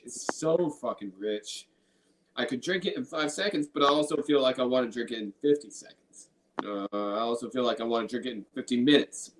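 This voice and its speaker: An enthusiastic man hosts a casual beer tasting, swearing freely and circling back over his own phrases. His voice sits at an everyday pitch, with faint noise under the recording. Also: poor audio. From Illinois. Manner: enthusiastic, profane, repeats himself. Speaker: beer review host.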